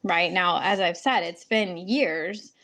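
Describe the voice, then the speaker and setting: A woman hosting a faith-based podcast, talking earnestly and confidingly with frequent soft laughs. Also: fairly low pitch, slow. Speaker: podcast host and coach for women.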